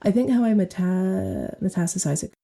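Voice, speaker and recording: A woman's voice: medium pitch, normal speed, gravelly, dark tone. A woman around thirty, a poet guest on a podcast interview, telling her story in a heartfelt, reflective way.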